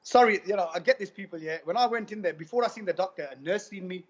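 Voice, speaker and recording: A man giving an animated testimonial, retelling conversations in a rapid, repetitive way. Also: sits high. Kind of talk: animated personal storytelling. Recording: dull lo-fi recording.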